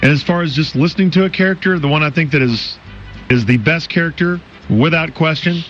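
A male radio host in casual studio banter, easygoing and quick to disagree with his co-hosts. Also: a little high, fairly bright tone, faint music behind. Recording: dull lo-fi radio audio, faint noise.

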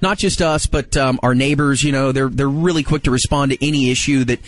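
A man in his forties telling a story in casual chat, acting out the quotes with big jumps in pitch. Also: a little fast, no room sound.

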